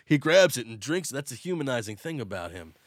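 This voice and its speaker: A man in relaxed movie talk whose pitch leaps up and down as he gets worked up. He swears freely and tells stories in bursts. The sound is dry and close. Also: fairly quick, dry recording. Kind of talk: casual movie chat.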